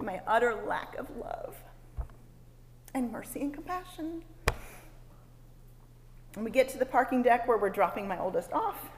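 A woman, speaking to a women's gathering and telling a personal sermon story in an expressive way that moves from hushed asides to loud exclaims. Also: mid-range voice. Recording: long hall reverb, faint background noise.

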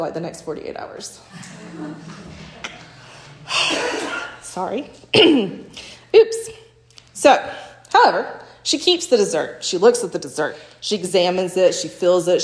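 A woman's voice: lowish voice, lively intonation, measured pace, pauses often. A woman, giving a sermon and telling stories with little acted quotes, often asking "right?". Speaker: speaker teaching a church talk. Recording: echoey room.

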